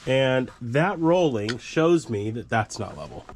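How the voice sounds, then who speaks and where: A man's voice: mid-range voice, sing-song, a little slow, noisy background. A man hosting a family vlog outdoors, chatty and rambling, with a self-deprecating manner. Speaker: vlog host and father. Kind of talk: casual vlog narration. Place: outdoors on a rural homestead.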